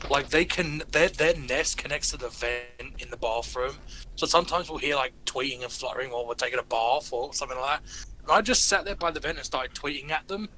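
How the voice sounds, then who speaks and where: A man's voice: medium pitch, fairly quick, a little hiss or hum. A British man chatting casually as a player at a tabletop game, telling jokey stories. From Britain. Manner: animated storyteller, jokey.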